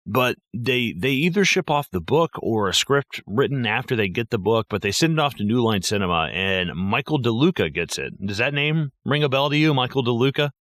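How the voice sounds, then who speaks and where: A man co-hosting a casual movie podcast, swearing freely and acting out quotes in an animated way. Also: medium pitch, a little fast, few pauses, no room sound. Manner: animated, profane, acts out quotes. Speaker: podcast co-host.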